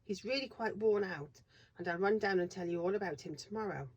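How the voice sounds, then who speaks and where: A woman's voice: medium pitch, fairly quick, husky, natural voice. A woman reading aloud, voicing a composed, reassuring mother in a storybook. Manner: bright, reassuring.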